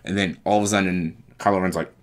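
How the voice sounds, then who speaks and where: Low-voiced young man excitedly pitching a movie. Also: quick pace. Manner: breathless and profane, acting out lines and sound effects. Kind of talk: excited comedic retelling.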